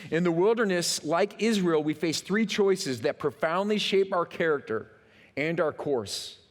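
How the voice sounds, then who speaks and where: A man preaching a sermon as pastor, animated and talking to the congregation, acting out quotes and repeating words for effect. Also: on the high side, unhurried. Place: large church auditorium. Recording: long hall reverb.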